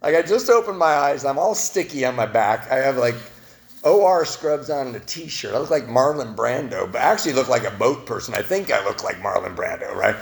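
Male speaker at a recovery meeting, gravelly voice, lively wide-ranging delivery, self-deprecating humor. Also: brisk. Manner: self-mocking storyteller, laughing at his own past; swings between loud animated bits and low quiet confession. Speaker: speaker sharing his recovery story. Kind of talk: personal testimony at a recovery meeting.

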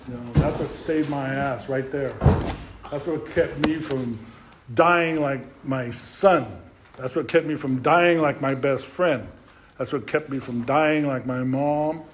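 A middle-aged man sharing his own story at a recovery meeting. He talks emphatically, swings from loud to hushed, and keeps saying "you know.". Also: medium pitch, slight background noise. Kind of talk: personal testimony talk. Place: meeting room.

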